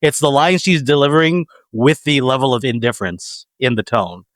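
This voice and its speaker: A man co-hosting a podcast, talking in a relaxed, opinionated way and often restarting his sentences. His voice sits at an ordinary pitch. The sound is dry and close, with no room echo. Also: moderate pace. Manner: animated, opinionated, trails off with restarts. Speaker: podcast co-host. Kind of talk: casual chat.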